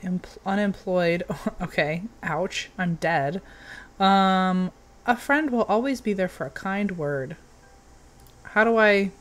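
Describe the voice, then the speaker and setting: A young woman giving casual commentary while playing a game, chatty and given to sudden excited outbursts. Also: mid-range voice, takes it slowly. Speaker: game streamer.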